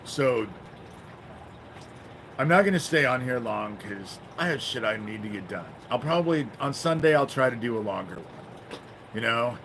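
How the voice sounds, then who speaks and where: A man's voice: medium pitch, animated, vocal fry, fairly bright tone, slight background noise, rough recording. A man hosting a livestream, ranting angrily and swearing a lot, often tagging his sentences with "you know?". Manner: profane, angry ranting; fills pauses with "you know?". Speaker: livestream host. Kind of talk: livestream monologue.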